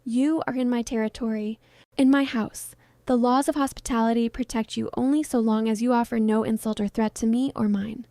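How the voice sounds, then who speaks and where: A woman voicing a powerful, protective male vampire king who speaks sternly and with quiet threat. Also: a little high, steady tone, a little fast, dry recording, studio quality, close to an everyday voice. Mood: menacing.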